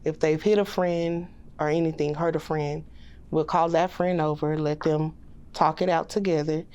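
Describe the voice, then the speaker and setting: Woman, pre-K teacher, lower register, plainspoken podcast guest who quotes the kids. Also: normal speed, clear, resonant tone, dull audio. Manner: plainspoken, quotes children and herself in lively voices. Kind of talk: casual storytelling in a podcast interview.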